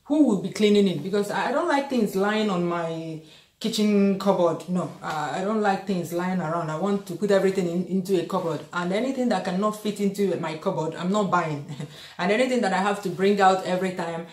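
Middle-aged Nigerian woman, cooking vlog host, animated storyteller, slightly low voice, echoey home kitchen. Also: a little fast. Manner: chatty, laughs often, animated storytelling. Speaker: cooking vlogger. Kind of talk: casual cooking demonstration and storytelling.

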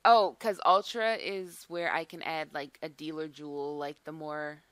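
A young woman hosting a gaming video in casual chat, excitable, swearing and saying "like" a lot. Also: sits low, measured pace, no room sound. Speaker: gaming channel host.

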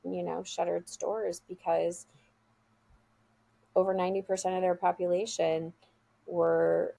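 Brief: woman school leader guest, lowish gravelly voice, earnest and heartfelt storyteller. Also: level tone, measured pace, warm tone, dry recording. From USA. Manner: earnest, heartfelt anecdote-telling. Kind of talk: conversational interview storytelling.

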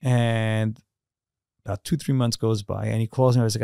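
A man's voice: lowish voice, fairly even intonation, normal speed, creaky, warm tone, clear, resonant tone, dry recording, clean studio sound. A man who is a podcast guest, telling an emotional personal story emphatically, with many repeated words.

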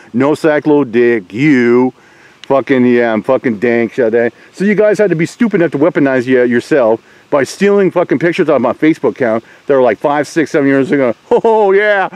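A man's voice: mid-range voice, a little mellow, dry recording, poor audio. A middle-aged man ranting at his online critics, taunting and swearing with mocking laughs. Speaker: YouTuber ranting at trolls. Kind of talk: profane rant to camera.

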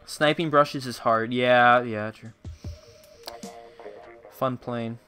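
A young man streaming a game, chatting casually with viewers and reacting loudly to the action. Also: mid-range voice, fairly even intonation, drawn-out words, long pauses, smooth, soft background music. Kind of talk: casual live-stream gameplay chat.

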